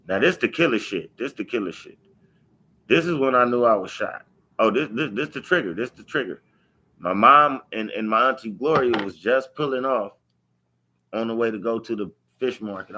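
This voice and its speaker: Speaking on the low side with a pushed, bright quality, this Los Angeles man recounts his life to camera without a script. His delivery is emphatic and laced with profanity, and he keeps circling back to key phrases.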